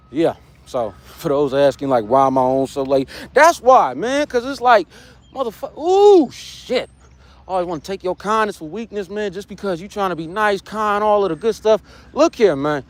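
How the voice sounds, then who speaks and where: A man hosts a livestream and rants about people who waste his time. His voice sits high and swings widely in pitch, jumping from low mutters to sharp peaks. He swears freely and keeps checking in with viewers. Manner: heated, profane, street slang, repeats "you know what I'm saying". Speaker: livestream host. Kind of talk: casual livestream rant.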